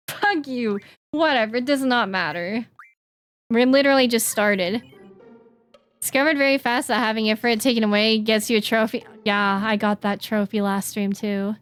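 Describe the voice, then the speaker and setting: High-voiced woman streaming a game. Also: normal speed, a bit bright, soft background music. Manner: playful, swears, reads game dialogue aloud. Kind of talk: casual gaming stream commentary.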